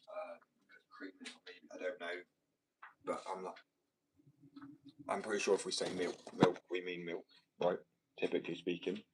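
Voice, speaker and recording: Low-voiced American man chatting. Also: heavy background noise. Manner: rambling, joking, swears freely. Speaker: streamer chatting with viewers. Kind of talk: casual chat.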